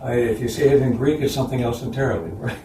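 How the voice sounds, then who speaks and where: A man giving a conference lecture about slides, relaxed and chuckling between points. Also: medium pitch, quick pace, background noise. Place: concert hall. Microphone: distant room mic. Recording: roomy, distant hall recording.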